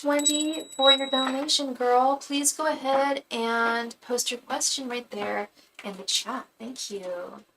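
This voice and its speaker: A woman's voice: medium pitch, creaky, pushed and bright. A woman in her thirties giving a live-streamed tarot reading, chatty and full of ums, calling viewers girl. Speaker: tarot reader and psychic. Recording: distant mic with faint background noise.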